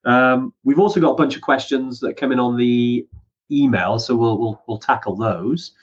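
A man's voice: mid-range voice, normal speed, slightly rough, dull audio. A man hosting a casual livestream, upbeat and teasing, laughing as he talks. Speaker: host.

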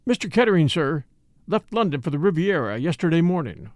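A man voicing a discreet, meek male private investigator in an audiobook, speaking quietly and formally. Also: fairly high pitch, very animated, brisk, no room sound.

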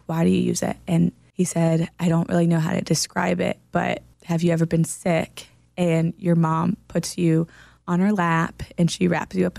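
A woman's voice: fairly low pitch, creaky, mellow, dry recording. A woman in a casual talk-show chat, telling a story in an earnest, encouraging way.

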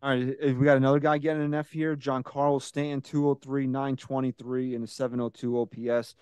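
A man hosting a sports podcast, ranting casually and profanely, getting loud and heated. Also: medium pitch, flat delivery, a little fast, clean tone, no echo. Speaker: podcast host.

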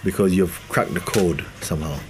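A man's voice: low-pitched, moderate pace, slight background noise. A man giving a spiritual talk to an audience, laughing often and acting out the voices of the people he quotes. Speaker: spiritual teacher.

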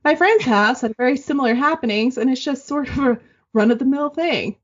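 A woman co-hosting a podcast, reading listener stories aloud in casual, animated chat and swearing freely. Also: sits high, a little fast, husky. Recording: dull lo-fi sound.

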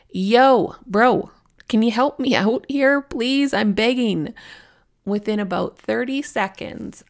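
A woman's voice: fairly low pitch, gravelly. A woman in her forties hosting a podcast, telling a personal story in a candid, heartfelt way. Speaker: podcast host.

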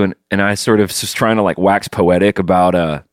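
A man with a somewhat low voice, telling a rambling story in relaxed podcast chat. The recording is dry and close. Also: brisk, no echo. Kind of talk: casual chat.

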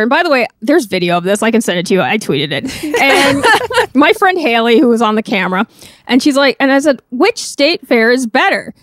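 A fairly high-voiced woman from Minnesota, telling a story as a guest on a talk show. She is animated and laughs often, with loose filler words throughout. The room is dry and close, with no echo. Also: a little fast. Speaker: podcast guest, crop artist. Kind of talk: casual storytelling.

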